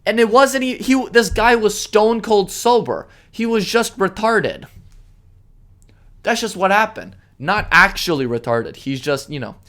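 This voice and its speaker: A man hosting a solo podcast, ranting sarcastically and indignantly, jumping between loud outbursts and muttered asides. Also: high voice, animated, measured pace. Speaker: podcast host. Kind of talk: solo opinion rant.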